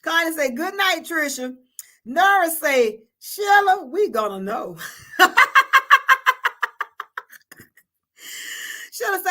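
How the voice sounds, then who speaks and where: Laughing, lively woman livestreaming. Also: high-pitched. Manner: laughs often, calls viewers honey and baby. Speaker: livestream host reading viewer comments. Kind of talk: casual livestream chat.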